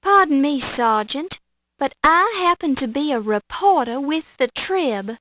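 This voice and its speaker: Plucky young woman reporter, bright-pitched, politely pushy. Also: expressive, measured pace, no echo. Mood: insistent. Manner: polite but insistent. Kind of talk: 1990s adventure game voice acting.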